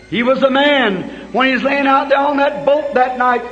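High, fervent preacher on an old hall tape. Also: male voice, normal speed, few pauses, highs cut off. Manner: fervent, builds to shouting climaxes. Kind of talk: revival sermon.

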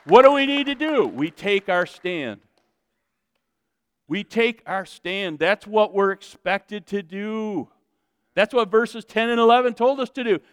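A male pastor preaches with fiery energy, rising to loud shouted calls and dropping to quiet, chatty asides. His voice sits high and sounds smooth and clear. It is picked up close and dry, with a long reverb from a large hall. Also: slow pace. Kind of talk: sermon. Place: church sanctuary with congregation.

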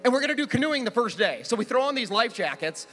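A middle-aged man, a pastor, preaching a sermon as he tells a personal story, animated and self-mocking, acting out his younger self in high squeals. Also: fast, soft background music. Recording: long reverb of a large hall.

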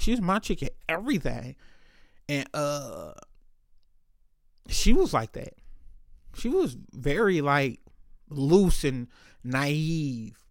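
Candid, profane man with a high voice. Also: a bit bright, dry recording, clean studio sound. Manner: candid, profane, and loose, with frequent swearing. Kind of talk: casual storytelling monologue.

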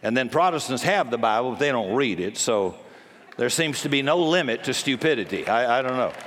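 A man preaches with blunt force, mixing jokes with sudden commands. His voice sits at an ordinary male pitch. It carries a long reverb from a large church hall. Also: lively intonation, fairly quick, fairly bright tone, a little hiss or hum. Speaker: pastor. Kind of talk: sermon.

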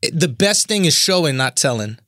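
Comic host, man, a bit high, dry close mic, keeps checking "right?". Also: very animated, a little fast, sharp tone, no room sound. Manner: persuasive, arguing his point with "right?". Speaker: comedian and podcast host. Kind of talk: casual chat.

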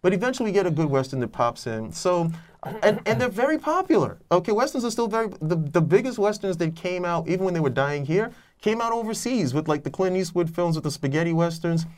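A man's voice: high-pitched, big pitch swings, quick pace. A man on a podcast, chatting casually about films in a rambling way with many restarts. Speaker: podcast co-host. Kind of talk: casual film review chat.

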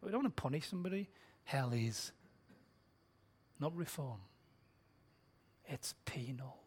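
A man delivers a blunt, confrontational sermon, questioning his listeners and shifting between hushed whispers and shouted passages. His voice sits on the high side and sounds animated, unhurried and slightly rough.

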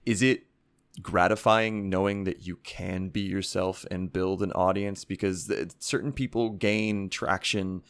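A man hosting a podcast interview, asking questions in a wry, joking manner with long, quick runs of talk. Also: deep voice, fairly even intonation, smooth, no echo, clean studio sound. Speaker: podcast host.

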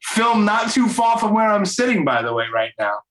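A man's voice: high voice, moderate pace, roomy sound, a little hiss or hum, rough recording. A man with a thick Brooklyn accent hosting a podcast, telling stories animatedly in casual chat. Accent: Brooklyn, New York. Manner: animated storyteller, laughs easily. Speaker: podcast host.

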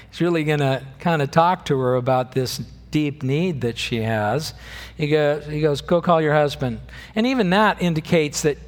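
A man's voice: mid-range voice, in a large hall. A man preaching a sermon as pastor, talking conversationally and acting out the quoted lines. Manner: conversational, acts out quoted lines with lively shifts.

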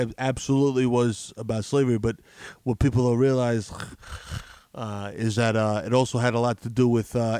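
A slow, meandering sports-radio host, as a man impersonates him, mid-pitched and dry. He fills every pause with uh and you know. The delivery is unhurried and flat. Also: no room sound, natural voice.

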